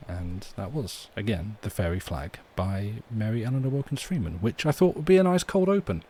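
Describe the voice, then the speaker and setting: A man from the UK, hosting a livestream from home in a soft, rambling, chatty way and reading poetry aloud. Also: fairly low pitch, expressive, brisk, slight background noise. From United Kingdom. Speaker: livestream host. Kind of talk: casual livestream chat and poem reading. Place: home room.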